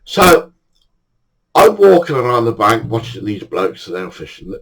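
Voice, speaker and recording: Older man, lively storyteller. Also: medium pitch, unhurried, poor audio. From England. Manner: chatty, laughs often while telling stories. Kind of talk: casual anecdote telling.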